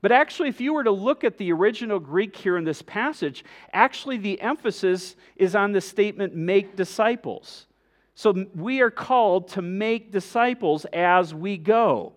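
A middle-aged man pastor preaching a sermon in an earnest, emphatic way, with measured pauses. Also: high-pitched, expressive.

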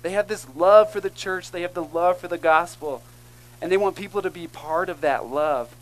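A man's voice: fairly high pitch, slight background noise, poor audio. A man preaching a sermon as pastor, earnest and emphatic, calling out to the congregation between points. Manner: earnest, emphatic preaching with call-and-response asides.

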